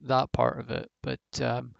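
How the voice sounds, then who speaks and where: A man's voice: medium pitch, little pitch movement, measured pace, vocal fry, no room sound, muffled recording. A man giving a casual, rambling review of a wrestling show, blunt and swearing freely, with lots of fillers.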